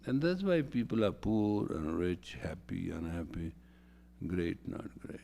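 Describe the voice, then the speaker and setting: A man's voice: low voice, big pitch swings, a little slow, gravelly, dark tone, a little hiss or hum. A man lecturing as a spiritual teacher, emphatic and repeating phrases for stress.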